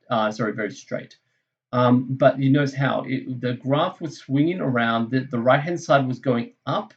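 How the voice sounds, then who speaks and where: A man's voice: medium pitch, vocal fry, highs cut off. A man teaching a maths lesson over a screen recording, thinking aloud in a casual way and correcting himself as he goes.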